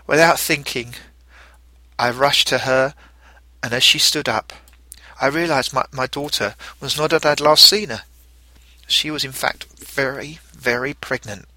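A middle-aged man narrating a first-person story in a reflective, gentle way. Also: medium pitch, unhurried, no echo.

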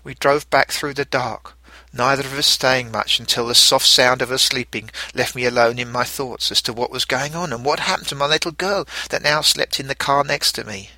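A middle-aged man narrating a first-person story in a reflective, gentle way. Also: medium pitch, normal speed, few pauses, no echo.

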